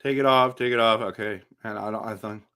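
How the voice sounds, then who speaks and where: A man hosting a casual live stream, reading chat comments aloud and answering them in an animated, chatty way with frequent restarts. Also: fairly low pitch, fairly quick. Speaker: livestream host reading chat.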